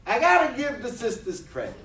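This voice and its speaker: A man preaching a sermon to a congregation, joking and then rising to shouts. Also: extremely high pitch, wildly swooping pitch, fairly quick, reverberant, far from the mic, soft background music. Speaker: minister. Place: large hall with live congregation. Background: congregation responding.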